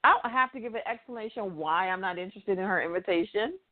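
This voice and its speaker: Over a tinny phone line, a woman appears as a guest on a casual call-in radio show. Her medium-pitched voice moves fast, and she speaks emphatically and motivationally, repeating herself a lot.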